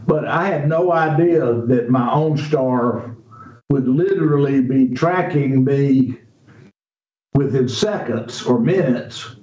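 An older man, a radio guest telling a story in a slow, folksy, drawn-out way. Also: medium pitch, dark tone. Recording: roomy, distant, dull radio recording.

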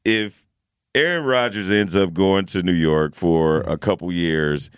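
Deep laid-back sports co-host man. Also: measured pace, clear, resonant tone, no room sound, studio quality. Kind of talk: casual sports talk.

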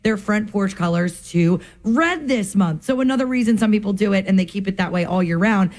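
A woman's voice: mid-range voice, a little fast, darkish tone. A woman co-hosting a morning radio show, chatty and laughing often. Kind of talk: casual morning radio banter. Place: radio studio.

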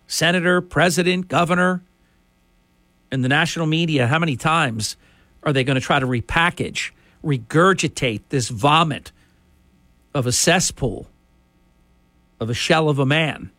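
A man's voice: on the high side, unhurried, pauses often, pushed and bright, no echo. A man hosting a talk radio show, ranting emphatically and indignantly into a studio microphone.

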